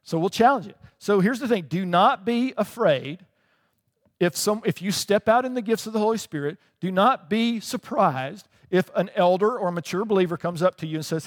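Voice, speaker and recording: High-voiced man preaching in a reverberant hall. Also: moderate pace. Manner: conversational preaching with frequent "right?" asides. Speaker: pastor. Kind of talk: sermon.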